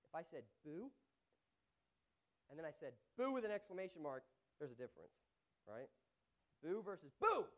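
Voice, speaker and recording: A middle-aged male pastor giving a sermon in a conversational way, asking the congregation questions and adding animated emphasis. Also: on the high side, low-quality recording.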